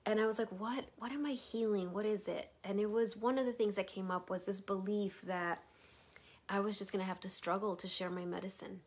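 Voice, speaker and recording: A woman's voice: medium pitch, steady tone, a little fast, husky. A middle-aged woman giving a meandering spiritual talk as a teacher, sometimes dropping into a near whisper. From Chicago area. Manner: soft, meandering, drops to a whisper at times.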